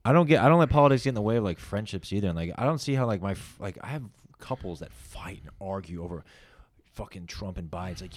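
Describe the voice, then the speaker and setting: A man's voice: low-pitched, quick pace. A young man co-hosting a crude, casual podcast chat, blunt and joking. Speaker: podcast co-host. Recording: faint background noise.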